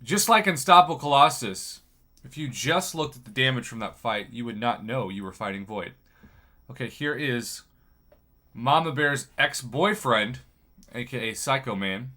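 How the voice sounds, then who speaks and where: A man hosts a gaming video, talking casually over footage and breaking down each play with upbeat analysis. His voice is a little groggy from a bad night's sleep, yet it keeps a bright, forceful edge at an ordinary male pitch. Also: animated, moderate pace. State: groggy after poor sleep. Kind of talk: casual gameplay commentary.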